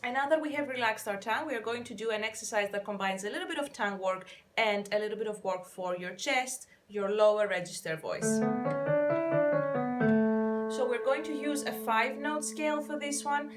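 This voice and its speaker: A woman vocal coach gently guiding listeners through a warm-up, counting and demonstrating each exercise in an encouraging way. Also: on the high side, animated, normal speed. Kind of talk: guided vocal warm-up instruction. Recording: faint piano underneath.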